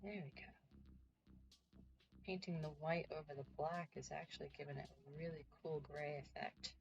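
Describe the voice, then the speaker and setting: A woman's voice: low voice, steady tone, moderate pace, vocal fry, dull audio. A woman chatting casually on a livestream while she paints, giggly and self-mocking. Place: home.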